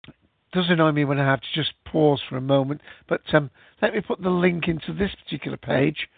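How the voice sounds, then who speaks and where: A man's voice: fairly high pitch, a little fast, gravelly, dry recording. Chatty man on a tinny line. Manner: rambling, chatty, many fillers. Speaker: podcast host. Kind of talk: casual live-show chat. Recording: tinny, phone-like, dry sound.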